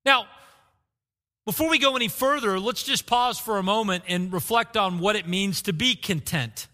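High bright-voiced pastor preaching. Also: male voice, measured pace. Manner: repeats key phrases, rhetorical questions. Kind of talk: sermon. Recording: long reverb of a church hall.

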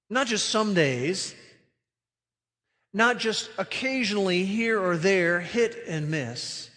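A man's voice: on the high side, lively intonation, slow, long pauses, a bit bright, big-room sound. A man preaching a sermon as pastor, earnest and emphatic, stretching out key phrases.

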